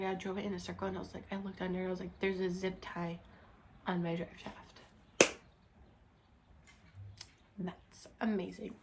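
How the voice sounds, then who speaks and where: A woman's voice: mid-range voice, slight background noise. A young woman telling a rambling, frustrated story from her school days in a casual chat style, full of "like" and restarts. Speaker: vlogger.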